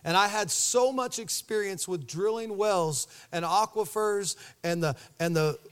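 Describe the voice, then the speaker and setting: A pastor preaching a sermon, telling the story with animated energy and acting out the voices. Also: male voice, high voice, measured pace, clear, resonant tone.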